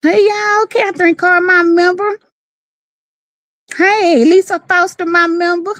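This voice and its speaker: A woman's voice: very high-pitched, steady tone, slow, fairly bright tone, dry recording. A woman in casual live-stream chat, sassy and playful, teasing and greeting viewers by name.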